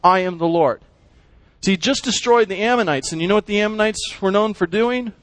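A man with a high, bright-sounding voice teaches a Bible lesson to his class. He is animated and keeps asking his listeners questions as he explains the text. The recording is dry and close, with no room sound. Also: fast, no echo.

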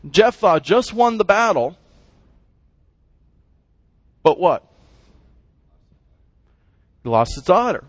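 High-voiced man teaching a Bible lesson. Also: no room sound. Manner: animated, asks the class questions.

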